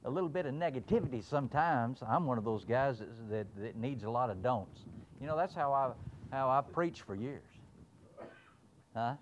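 A man's voice: mid-range voice, animated, normal speed, highs cut off, a little hiss or hum. A man preaching a folksy, emphatic sermon, reading scripture aloud and voicing God in playful asides.

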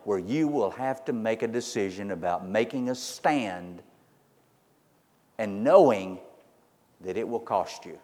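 A man's voice: mid-range voice, a little mellow. A male preacher delivering an emphatic storytelling sermon, stressing points by repeating them. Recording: long reverb in a big hall.

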